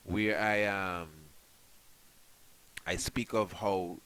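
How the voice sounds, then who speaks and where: A man's voice: low-pitched, little pitch movement, drawn-out words, fairly bright tone, clear, resonant tone, low-quality recording. A man, a priest giving a spiritual radio talk, emphatic and preaching, often tossing in rhetorical questions and "you know".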